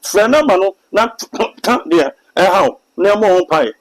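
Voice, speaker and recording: A man's voice: high voice, lively intonation, moderate pace, poor audio. A Ghanaian man, a pastor and prophet, speaks emphatically in a sermon-like way during an interview, with a Ghanaian accent. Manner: emphatic, sermon-like, mixing in English phrases. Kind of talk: preaching in an interview.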